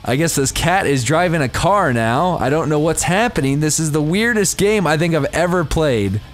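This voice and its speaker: Young man, gameplay commentary, lively swooping pitch, squeals high when excited, faint music behind. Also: moderate pace. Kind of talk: excited let's-play commentary.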